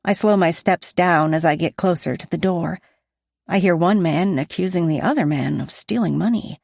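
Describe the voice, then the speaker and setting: A woman's voice: fairly low pitch, creaky, darkish tone, no room sound, clean studio sound. A woman reading a romance audiobook in the first person, with intimate storytelling. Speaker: audiobook narrator.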